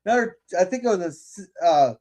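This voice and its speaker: A man's voice: high-pitched, lively intonation, quick pace, a little mellow. A man hosting a casual podcast, talking bluntly with lots of swearing and stumbling restarts. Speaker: podcast host. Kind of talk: casual opinionated chat.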